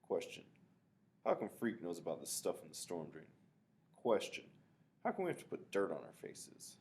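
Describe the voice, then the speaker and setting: Deep-voiced man reading a novel aloud. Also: moderate pace, slight background noise. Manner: relaxed first-person storytelling, casual asides. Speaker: reader of a novel.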